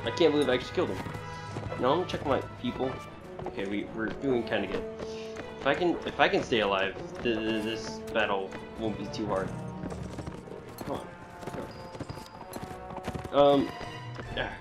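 Excitable man commentating his gameplay. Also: on the low side, normal speed, long pauses, over music. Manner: excitable, frequent outbursts and exclamations. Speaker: gamer.

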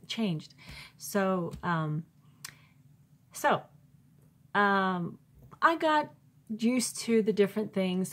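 A Christian author, a woman, tells a personal faith testimony informally, with many fillers and restarts, and acts out her own past thoughts in raised, emphatic bursts. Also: on the low side.

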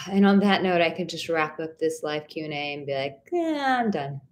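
A woman's voice: lowish voice, sing-song, a little slow, a little hiss or hum. Candid woman coaching on a live stream. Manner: candid, emphatic, swears casually; warm pet names for viewers. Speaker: relationship coach.

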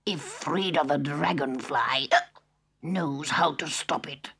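A woman voicing a nervous young male frog with hiccups, reading a storybook aloud in a halting, anxious way. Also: sits low, creaky, fairly bright tone, slightly rough, voice pushed down, full character voice. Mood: worried.

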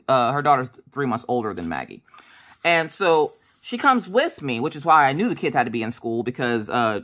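A middle-aged woman telling a personal story in a casual, animated way, acting out what people said. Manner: chatty, animated, acts out quotes in a high voice. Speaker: crafting vlogger.

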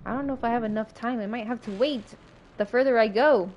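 A woman livestreaming a game with casual commentary, excitable, swearing often and breaking into laughs and panicky outbursts. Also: on the high side, quick pace, highs cut off.

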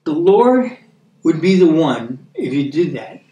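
A man with an American accent giving a conversational sermon, earnest, repeating words for emphasis and reading scripture slowly. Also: fairly high pitch, sing-song, mellow. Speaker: preacher. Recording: echoey room, mic at a distance.

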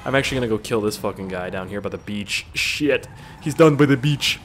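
A man's voice: fairly low pitch, lively intonation, a little fast, a little hiss or hum. A young man chatting casually while playing a game, rambling and profane, jumping between stories and the action. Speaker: gaming YouTuber. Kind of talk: casual gameplay commentary.

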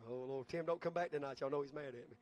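A man preaching a sermon as pastor, calling out to the congregation and building to shouts. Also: on the high side.

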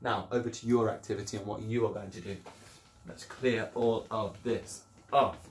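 A man's voice: fairly low pitch, fairly even intonation, normal speed, roomy sound, slight background noise. A man teaching children an English lesson in a chatty, encouraging way, explaining things step by step. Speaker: primary school teacher.

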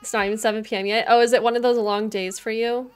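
A young woman talks fast in a clear, resonant voice that's a little high with little pitch movement. She's streaming a life-sim game, chatting casually with viewers and her characters and giggling often, over soft game music.

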